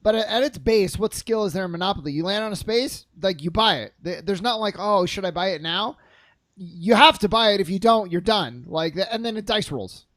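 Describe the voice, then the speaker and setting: A young man on a podcast, chatting with a voice that swings widely in pitch and keeps restarting his sentences. He laughs a lot between points. The sound is dry and close. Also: a little fast, few pauses, no echo. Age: young adult. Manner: animated, laughs often, stammers on restarts. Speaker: podcast co-host. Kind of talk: casual chat.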